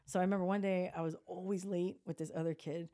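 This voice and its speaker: A woman in her fifties co-hosting a podcast, telling lively stories in a casual chat and swearing freely. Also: fairly low pitch, fast. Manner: animated storyteller, swears freely, quotes people in acted voices. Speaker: podcast co-host.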